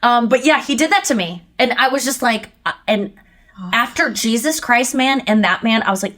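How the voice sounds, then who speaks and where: A woman's voice: on the high side, a little fast. A woman hosting a podcast in casual chat, telling stories with lots of animation, acting out what people said and laughing as she talks. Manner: animated storytelling, acts out people's lines; laughs often while talking. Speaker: podcast host.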